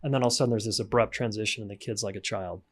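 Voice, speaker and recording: A man's voice: on the low side, very fast. A man talking frankly as a podcast guest, giving practical advice on raising and repairing with children. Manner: frank, animated, acts out parent voices. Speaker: guest, relationship coach. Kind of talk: podcast conversation.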